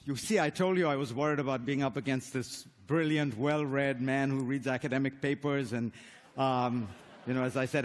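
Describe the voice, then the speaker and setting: A man who grew up in India, arguing earnestly in a formal debate before a live audience, stacking points into rhetorical lists. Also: medium pitch. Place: large hall with a live audience. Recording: echoey hall.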